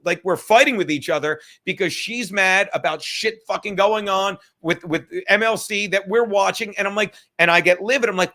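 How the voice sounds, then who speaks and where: A man hosting a live stream, rambling loudly and profanely from topic to topic in casual chat. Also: sits high, lively intonation, brisk, few pauses. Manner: loud, rambling, profane, jumps between topics.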